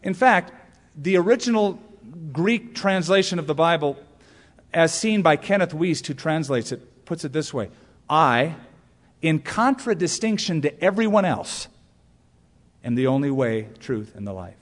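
A man's voice: a little high, lively intonation, unhurried, in a large hall. A male pastor preaching a sermon, telling stories and asking rhetorical questions with emphatic punch lines.

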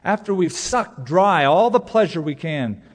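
A man's voice: fairly high pitch, lively intonation, unhurried. A man preaching a sermon, telling jokes and stories and repeating words for emphasis. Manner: storytelling with jokes, emphatic repetition. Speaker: pastor. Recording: long reverb of a large hall.

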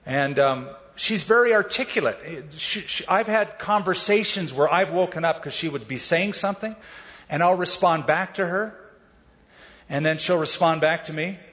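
A middle-aged male pastor giving a sermon, telling stories in a conversational way and speeding up and slowing down as he goes. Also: a little high, fairly bright tone. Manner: conversational storytelling, varies pace. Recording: dull sound with long hall reverb.

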